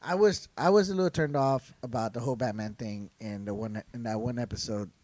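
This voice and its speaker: A man's voice: medium pitch, fairly quick, darkish tone, dry recording. A man co-hosting a casual podcast chat, rambling with many restarts. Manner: rambling, restarts, laughs often. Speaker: podcast co-host.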